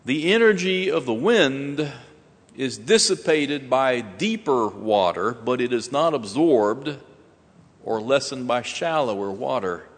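Slow-preaching man in a reverberant hall. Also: mid-range voice, animated. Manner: slow, deliberate preaching with dramatic pauses and rising emphasis. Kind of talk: sermon.

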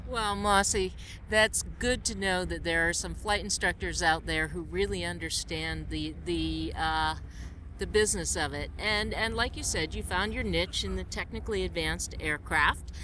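Bright-voiced woman interviewer. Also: lowish voice, moderate pace, a little hiss or hum, rough recording. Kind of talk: interview hosting.

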